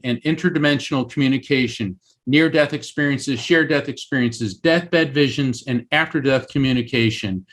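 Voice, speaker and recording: A middle-aged man from Central Florida, an author and medium, telling a story in casual spoken style, his voice rising high when he acts out shouts.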